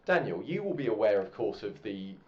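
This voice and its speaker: Rambling game master, low voice. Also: male voice, fairly quick. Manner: relaxed, rambling with many fillers. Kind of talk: narrating a tabletop game. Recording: muffled, with faint music.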